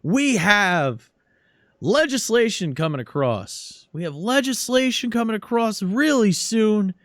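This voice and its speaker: A man voicing a bigoted male politician giving a loud, pompous rally speech. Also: high-pitched, no room sound, studio quality, pitched above the performer's own voice. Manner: loud, pompous, crowd-rousing.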